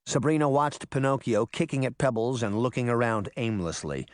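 A man narrating a children's storybook in an expressive reading voice. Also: mid-range voice, moderate pace, dry recording, studio quality. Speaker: audiobook narrator.

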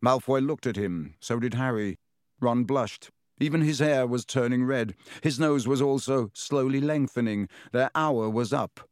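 A man reading a children's fantasy novel aloud as its narrator, in a lively, varied way. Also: mid-range voice, unhurried, smooth, no room sound, studio quality. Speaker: audiobook narrator. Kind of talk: scripted narration.

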